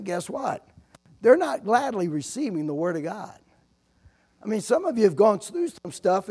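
A male missionary preacher delivers a sermon in a gravelly, husky voice that sits a little high for a man. He keeps it conversational, tossing "amen?" to the congregation between points. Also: warm tone. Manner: conversational preaching with frequent "amen?" asides and acted anecdotes.

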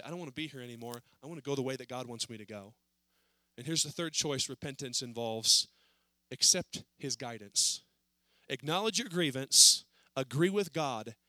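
A man preaching a sermon in a church service, earnest, rising to pleading and then dropping low. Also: sharp tone, no room sound.

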